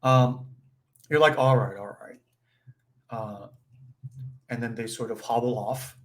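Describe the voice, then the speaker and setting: Man, spiritual teacher, informal talk with plenty of fillers and quick check-ins. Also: medium pitch, steady tone. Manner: conversational, full of fillers and "right?" check-ins; acts out brief quoted voices with chuckles. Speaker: spiritual teacher leading a session.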